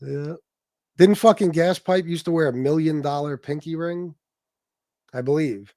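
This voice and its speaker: A man's voice: on the high side, measured pace, dark tone, no room sound, studio quality. A man hosting a livestream, ranting angrily and profanely at his critics while reading chat. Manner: profane, aggressive, talks to chat. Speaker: livestream host. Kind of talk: heated livestream rant.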